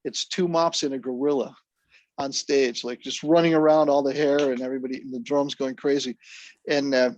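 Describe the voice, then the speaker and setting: A man, a drummer guest, telling stories in a relaxed, even-keeled way during a casual interview. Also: medium pitch, brisk, no echo, lo-fi sound. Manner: laid-back, even-keeled storyteller.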